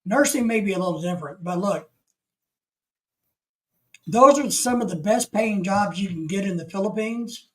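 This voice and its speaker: A man's voice: sits high, animated, normal speed, long pauses, a bit bright, rough recording. A man from the United States hosting a casual live stream, rambling through opinions and reading chat comments aloud.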